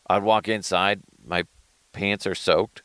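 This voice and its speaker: A man hosting a podcast in casual, profane solo commentary, swinging between loud outbursts and mumbled asides. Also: low voice, takes it slowly, clean tone, no echo. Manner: animated, profane, jumps between shouting and mumbling. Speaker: podcast host.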